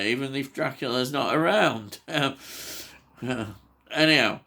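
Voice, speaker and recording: A man's voice: medium pitch, a little slow, gravelly, pushed and bright. A man chatting casually about a film, hesitant with lots of fillers but enthusiastic. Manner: hesitant, many fillers and restarts. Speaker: film reviewer. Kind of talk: casual film review chat.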